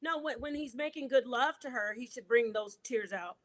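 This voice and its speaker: A woman's voice: a little high, normal speed. A woman on a live stream panel, asking pointed questions and stating her views firmly. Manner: questioning, assertive.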